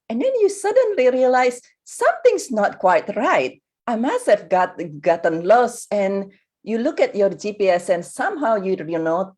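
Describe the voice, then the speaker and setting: A woman leads listeners through a guided visualization, speaking to them in the second person as the story unfolds. She talks slowly and unhurriedly. Her pitch swings widely, then softens into a hushed, soothing tone.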